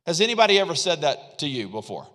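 Guy preaching a sermon, kinda high voice, chatty and repeats himself a lot, long echo like a big church. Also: sing-song, fast talker, fairly bright tone. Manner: conversational preaching with repetitions and audience call-and-response. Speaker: pastor.

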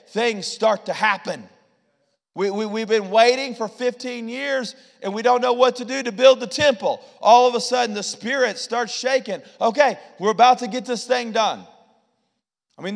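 A man preaching a sermon as a pastor, telling stories in an animated way and repeating words as he builds a point. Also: very high-pitched, vocal fry. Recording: long hall reverb.

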